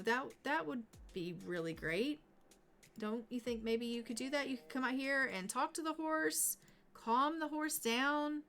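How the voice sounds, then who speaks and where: A woman's voice: a little high, bright, forceful tone. A woman streaming a life-sim game, chatting casually with dry, sarcastic asides. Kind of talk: casual gameplay commentary.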